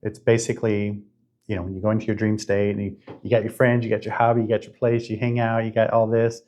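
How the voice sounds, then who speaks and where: A man in his fifties hosting a podcast, telling a spiritual story in an earnest, halting way with many restarts. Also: fairly low pitch, completely flat delivery, a little mellow, highs cut off. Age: 50s. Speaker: podcast host.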